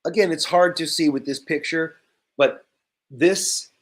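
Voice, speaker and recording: A man teaching English vocabulary in a slightly high voice. He talks slowly and plainly, repeating each new word so learners can catch it. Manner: speaks slowly and simply, repeats key words. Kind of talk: slow, clear ESL vocabulary lesson.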